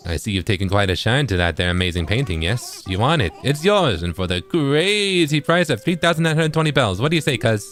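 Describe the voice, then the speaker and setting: A man's voice: mid-range voice, lively intonation, brisk, few pauses, fairly bright tone, faint music behind, lightly acted. A man voicing a sly, pushy middle-aged male fox merchant with wheedling salesman patter. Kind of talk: reading game dialogue aloud in character.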